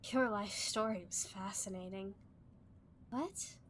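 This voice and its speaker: A woman reading as a smooth, knowing male executive. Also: mid-range voice, slow, fairly bright tone, slight background noise. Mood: probing. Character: sharp-suited male executive, smooth and cryptic.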